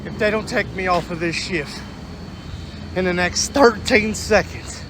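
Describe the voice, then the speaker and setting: A man's voice: sits high, measured pace. A man playing a grumpy, fed-up male night-shift worker who rants and curses as a comic field correspondent. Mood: fed-up ranting. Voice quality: gravelly, cursing. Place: outdoors near vehicles. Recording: outdoors with loud traffic noise and reversing beeps.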